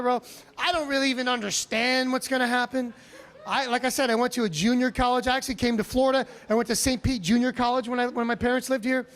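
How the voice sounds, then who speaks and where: A male stand-up comedian telling a story on a comedy club stage, animated, profane and self-mocking. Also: extremely high pitch.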